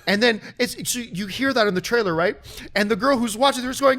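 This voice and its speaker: A man hosting a movie show, chatting casually and telling a story with lively mimicry of other people. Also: fast talker, vocal fry. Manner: animated storytelling, mimics others in high excited voice. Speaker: show host. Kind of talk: casual chat.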